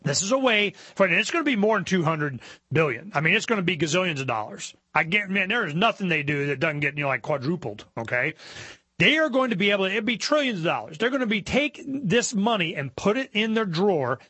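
Guy ranting on a talk show, high husky voice, swings all over the place. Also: fast, dry recording. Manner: animated, mocking asides, rhetorical questions. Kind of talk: casual commentary reading news aloud.

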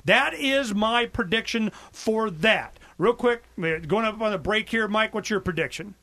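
A man's voice: unhurried, pushed and bright. A man hosting a talk radio show, telling stories and acting out quotes. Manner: storytelling, acts out quotes with big pitch swings. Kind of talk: animated talk radio monologue.

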